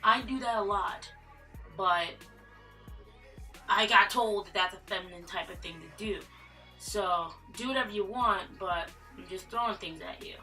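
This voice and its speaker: A man's voice: sits high, normal speed, bright, forceful tone, faint music behind. A casual, rambling man giving advice. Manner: rambling and joking, with many fillers and trailing asides.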